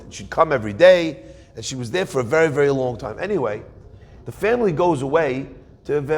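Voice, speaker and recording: A man, a rabbi, telling a story in a sermon and acting out the voices of the people in it. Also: fairly high pitch. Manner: animated storyteller, acts out quoted voices. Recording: long hall reverb.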